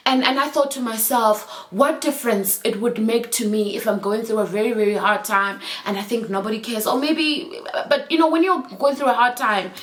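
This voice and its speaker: A woman's voice: fairly high pitch, normal speed, hardly any pauses. A woman in her thirties talking earnestly in a chat vlog, heartfelt and reflective, with fillers and restarts. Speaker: vlogger.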